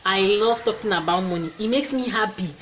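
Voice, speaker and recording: A woman's voice: mid-range voice, fairly quick, fairly bright tone, a little hiss or hum, poor audio. A young woman with a Cameroonian accent, chatting casually and upbeat to camera as the host of her channel, full of fillers. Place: indoors, talking to camera.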